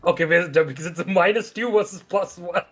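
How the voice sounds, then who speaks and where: A man playing in a tabletop game, joking and quick to swear. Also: sits high, music in the background. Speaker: player.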